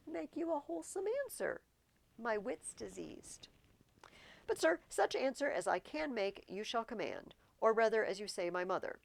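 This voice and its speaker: Woman reading as a giddy, bitter young prince; lively theatrical verse, slightly gravelly. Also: fairly high pitch, moderate pace, pitched above the performer's own voice. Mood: manic.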